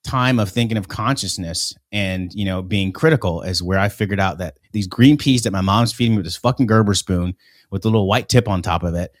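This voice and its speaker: A man with a fairly low voice chats casually, swearing freely as he winds through a long personal story. The sound is dry, with no room around it. His talk is loose and rambling, full of restarts. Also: fairly quick, no echo. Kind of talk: casual podcast chat.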